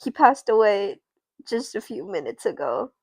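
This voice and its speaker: A woman's voice: mid-range voice, very animated, moderate pace, breathy edge, no room sound. A woman voicing a defiant, grieving schoolgirl who speaks curtly and dramatically. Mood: dramatic.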